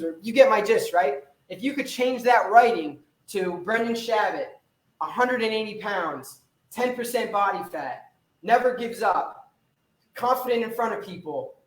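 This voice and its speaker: A young male fitness coach preaches to viewers of a live stream with fired-up intensity, swearing and repeating lines. His voice sits high for a man. The sound is roomy and echoey. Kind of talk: motivational live-stream pep talk.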